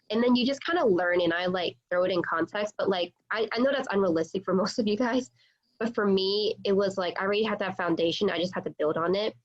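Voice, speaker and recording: A chatty woman, a real estate agent, talks casually on a video call, scattering fillers as she goes. Her voice sits at an ordinary middle pitch. The call audio is dull and lo-fi. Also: fast talker. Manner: chatty, many fillers like "like" and "you know".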